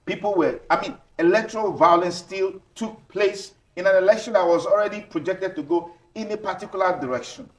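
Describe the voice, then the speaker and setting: Host guy moderating a panel, slightly high voice, formal and probing. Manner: measured, formal phrasing, probing questions. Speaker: talk show host.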